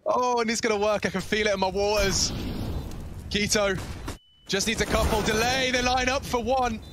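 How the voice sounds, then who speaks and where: High-pitched esports caster. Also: male voice, moderate pace, background noise. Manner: excitable, rises sharply at big plays. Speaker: esports commentator. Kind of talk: play-by-play commentary.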